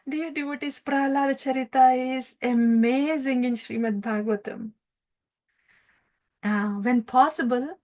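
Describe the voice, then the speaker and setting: A woman teaching a scripture class, telling the story in an animated way with fillers and laughs. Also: high-pitched.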